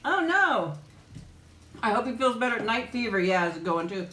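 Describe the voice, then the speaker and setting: A woman's voice: on the high side, very animated, moderate pace, fairly bright tone, reverberant, a little hiss or hum. A woman hosting a casual live chat with viewers while eating. She tells stories in a chatty way and often laughs as she talks.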